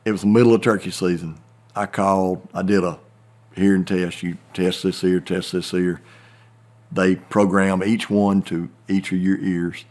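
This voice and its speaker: A middle-aged man with a Southern American accent spins a rambling, folksy yarn in easy conversation. His voice sits fairly low, and the talk feels loose and unhurried. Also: little pitch movement, darkish tone. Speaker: turkey hunting guide. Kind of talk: casual storytelling chat.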